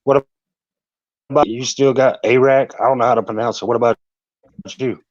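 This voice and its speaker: A man's voice: medium pitch, fairly even intonation, normal speed, no room sound. A blunt, curious man on a video call, tossing in "bro" and "man" as he talks. His voice sits mid-range and comes through dull and lo-fi, like muffled call audio. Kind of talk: casual video call chat.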